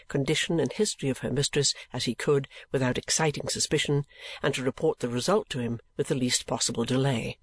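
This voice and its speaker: Husky man narrating an audiobook. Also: medium pitch. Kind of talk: scripted narration.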